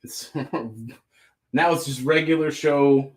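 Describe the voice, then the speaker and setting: Speaking at an unhurried pace in a mid-range voice, this man hosts a laid-back live comic sale. He runs through the issues casually, breaking off now and then for meandering jokes.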